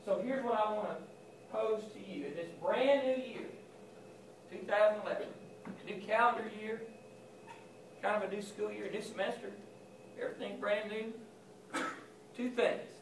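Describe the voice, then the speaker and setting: A man whose voice sits high speaks at a normal pace, often pausing, while giving school students a conversational chapel sermon in which he acts out Bible scenes in quoted voices. The distant chapel audio echoes and has a faint hiss or hum.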